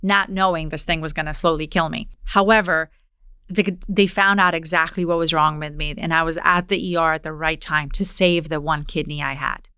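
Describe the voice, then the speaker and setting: A woman's voice: low voice, normal speed, clean tone, no room sound, studio quality. A woman in her forties from Poland, hosting a podcast and telling a personal story in casual conversation. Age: 40s. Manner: storytelling, animated retelling. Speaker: podcast host.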